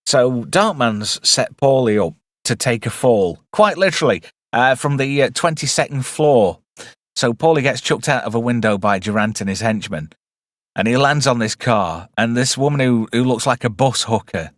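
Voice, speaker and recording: A man's voice: medium pitch, lively intonation, normal speed, dry recording. Wry man, dry close sound. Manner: chatty and wry, rambling with asides. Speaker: host of a live movie review stream. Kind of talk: casual live-stream film commentary.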